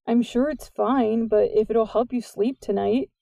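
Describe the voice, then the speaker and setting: A woman's voice: fairly high pitch, steady tone, measured pace, gravelly, dark tone, dry recording. A woman reading the lines of a wry, skeptical teenage boy who teases his friends. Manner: wry, doubtful.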